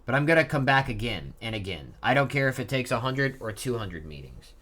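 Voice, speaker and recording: A man reading out a boastful, ambitious male pirate captain from a comic, in a brash, loud manner. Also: medium pitch, big pitch swings, a little fast. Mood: determined.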